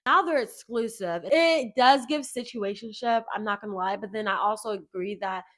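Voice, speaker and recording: A young woman hosting her own podcast, talking casually in gossipy, animated rants. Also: mid-range voice. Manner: animated, gossipy, quick rants with mimicked voices. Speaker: podcast host. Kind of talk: casual solo chat.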